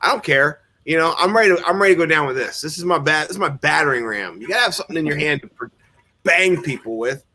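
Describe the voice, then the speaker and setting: A man's voice: a little high, animated, fast, bright, forceful tone. A man in casual chat, ranting with joking exaggeration. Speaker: podcast co-host.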